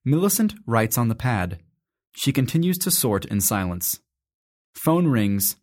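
A man reading stage directions aloud in a matter-of-fact, measured way during a stage play reading. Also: mid-range voice, sing-song, a little mellow.

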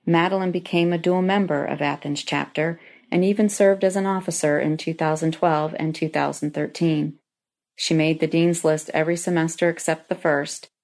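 A woman's voice: low-pitched, a little mellow. Earnest middle-aged woman reading aloud. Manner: earnest, heartfelt. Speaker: lodge member telling her story. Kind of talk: reading a personal story aloud.

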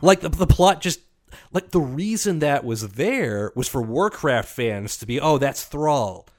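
A man co-hosting a casual film review chat, retelling scenes with sarcastic, animated asides. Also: on the high side, a little slow.

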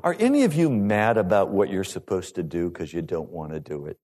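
A male pastor preaching a sermon to his congregation in an animated, rising and falling delivery. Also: deep voice, brisk.

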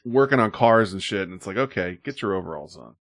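A man's voice: on the low side, animated, fast, fairly bright tone, no echo, clean studio sound. Rambling, swearing man streamer. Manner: rambling, loose, swears often. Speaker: stream co-host. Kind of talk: casual profane chat.

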